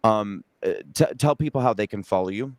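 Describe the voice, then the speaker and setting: A man hosting an interview, talking earnestly with many halting restarts. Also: lowish voice, no echo. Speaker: interviewer and host. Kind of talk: emotional interview talk.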